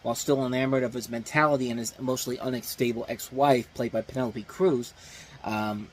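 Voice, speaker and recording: A man's voice: mid-range voice, fairly quick, slight background noise, low-quality recording. A man hosting a movie review show, talking casually and rambling, with lots of fillers and restarts. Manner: rambling, many fillers and restarts, animated emphasis.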